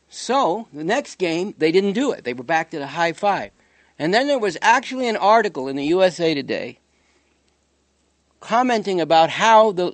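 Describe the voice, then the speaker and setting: A man's voice: fairly high pitch, no echo. A man giving a spoken commentary monologue in a sardonic, digressive storytelling manner.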